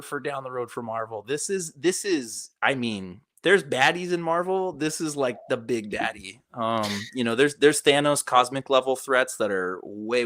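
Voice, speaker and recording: A man's voice: medium pitch, a bit bright, dry recording, studio quality. A man co-hosting a podcast, enthusiastically recapping a show in rambling casual chat. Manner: enthusiastic, rambling with many fillers and restarts. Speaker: podcast co-host.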